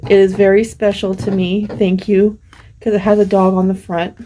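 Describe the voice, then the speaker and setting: A middle-aged woman hosting a craft vlog, gently showing off mail she received and gushing over each piece. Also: mid-range voice, flat delivery, a little hiss or hum, rough recording. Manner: slow, gentle, gushing over small things. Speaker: craft channel host. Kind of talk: casual show-and-tell vlog.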